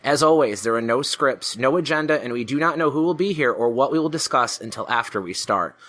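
A man's voice: medium pitch, animated, brisk, sharp tone. A man hosting a casual podcast, chatty and friendly, with frequent fillers and restarts. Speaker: podcast host. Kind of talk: casual video-call podcast chat.

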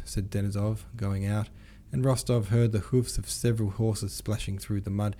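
A man narrating an audiobook of a classic novel in a steady, plain reading. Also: on the low side, normal speed, hardly any pauses.

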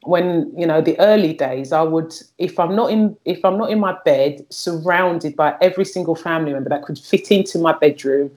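A woman's voice: deep voice, normal speed, hardly any pauses, darkish tone. A middle-aged woman, the guest, speaking frankly and in an earthy way about her own life, often repeating words as she searches for them. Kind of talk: candid personal conversation.

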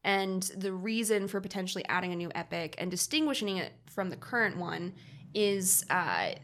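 A woman's voice: mid-range voice, lively intonation, normal speed, fairly bright tone, a little hiss or hum. A young woman co-hosting a casual podcast chat, explaining at length and laughing often. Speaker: podcast co-host.

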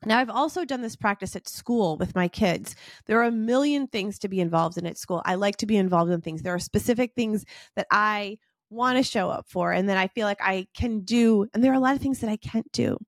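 A woman of middle pitch speaks into a close microphone in a dead-dry room with no echo. She hosts a reflective self-help podcast in an earnest, encouraging way. She talks straight to the listener. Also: a little fast. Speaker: podcast host.

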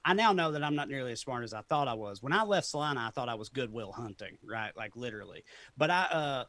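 A man's voice: mid-range voice, expressive, fast talker, a bit bright, no room sound. A man with a Southern Tennessee accent, a comedian talking loosely and often laughing in an interview. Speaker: comedian guest. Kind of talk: casual interview chat.

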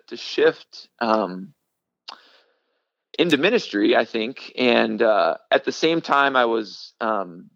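Halting young man telling his story. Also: medium pitch, fairly bright tone, no room sound, lo-fi sound. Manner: halting, many fillers and restarts, laughs often. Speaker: middle school ministry director, guest. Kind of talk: casual storytelling interview.

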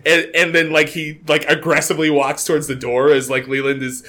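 A man's voice: fairly high pitch, a little fast, over a noisy crowd. Laughing man in casual chat. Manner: animated, laughs often, acts out scenes. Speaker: podcast co-host. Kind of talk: casual chat about a TV show.

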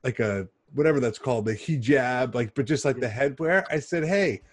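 A man's voice: medium pitch, brisk. A man, a stand-up comedian, telling a crude joking story in casual chat, laughing often.

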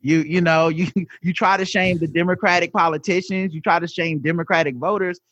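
High-voiced, emphatic man on a dull mic. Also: steady tone, brisk, fairly bright tone, no room sound. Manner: emphatic, argumentative, swears freely. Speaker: podcast co-host. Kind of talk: casual political chat.

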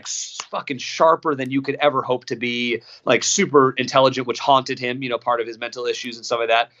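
A man's voice: medium pitch, fairly bright tone. A young man telling a personal story in casual podcast talk, swearing often and restarting sentences, with a slightly dull sound. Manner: profane, emphatic, many restarts and repetitions.

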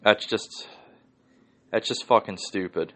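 A man's voice: lowish voice, takes it slowly, pushed and bright, slight background noise. Swearing Philly man ranting on a podcast. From Northeast Philadelphia. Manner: profane, ranting, heavy swearing. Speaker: podcast host. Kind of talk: solo podcast rant.

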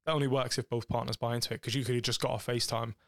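Guy with a gravelly voice rambling through funny stories on a podcast, dry close mic. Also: medium pitch, flat delivery, rapid-fire, dry recording. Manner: joking, rambling storyteller. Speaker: podcast co-host. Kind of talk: casual couple's chat.

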